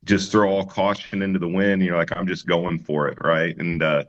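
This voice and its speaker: A man's voice: low-pitched, little pitch movement, moderate pace, muffled recording. A man, a musician guest, telling his story in an easygoing interview chat with many fillers and restarts.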